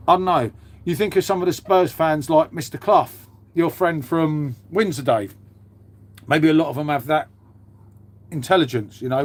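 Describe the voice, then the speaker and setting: Chatty blokey man, slightly high voice. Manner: blokey, swears freely, says "mate" a lot. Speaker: livestream host. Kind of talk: casual livestream chat.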